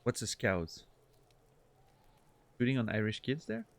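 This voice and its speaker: A man's voice: medium pitch, wildly swooping pitch, a little slow, vocal fry, no room sound. A young man streaming a game, chatting casually with viewers, swearing and laughing often. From Switzerland. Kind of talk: casual gameplay chat with viewers.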